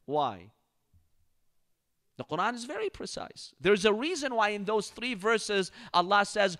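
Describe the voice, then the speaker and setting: A man's voice: high voice, sing-song, moderate pace, sharp tone. A man giving a Ramadan lecture in a mosque as preacher, telling stories expressively and reciting Arabic verses.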